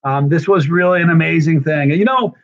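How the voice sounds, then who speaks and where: A man's voice: fairly high pitch, a little fast. A tired man hosting a livestream, rambling and effusive as he thanks his viewers one by one. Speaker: livestream host. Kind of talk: casual livestream chat. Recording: dull lo-fi stream audio.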